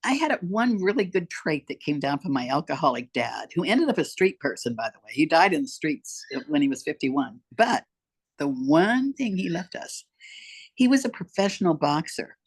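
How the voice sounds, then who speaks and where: A woman's voice: deep voice, very animated, normal speed, husky. An older woman telling her life story as an interview guest, emphatic and heartfelt, talking straight to the host. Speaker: podcast guest.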